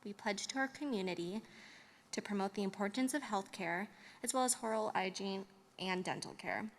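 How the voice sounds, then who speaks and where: A young woman student reading a pledge aloud with steady earnestness. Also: medium pitch.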